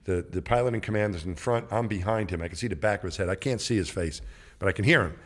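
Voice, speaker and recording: A man's voice: on the low side, fast talker. A man around sixty, a podcast guest, telling a casual story in a rambling, conversational way and acting out what others said. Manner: acts out others' lines in quoted voices. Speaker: podcast guest, former astronaut.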